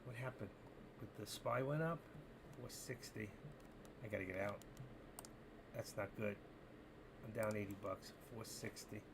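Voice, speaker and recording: A man streaming his options trades live, talking to himself and to his chat as he watches prices, swinging between excitement and frustration. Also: on the low side, measured pace, pauses often, background noise. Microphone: desk mic through streaming software.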